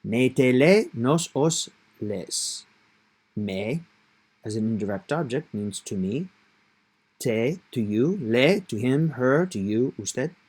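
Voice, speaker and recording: Man, Spanish teacher, mid-pitched voice, patient step-by-step explanation, emphatic stresses. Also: lively intonation, slow, a little mellow, husky. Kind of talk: grammar lesson explanation.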